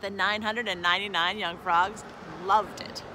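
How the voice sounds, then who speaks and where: A woman reading a children's picture book aloud with slow, expressive storytelling, with background noise. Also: mid-range voice. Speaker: storybook reader.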